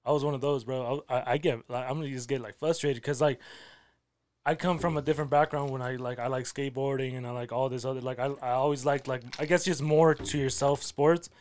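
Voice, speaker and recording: A man's voice: mid-range voice, steady tone, fast talker, a little mellow. A man hosting a casual podcast, laid-back and slangy with many filler words. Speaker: podcast host.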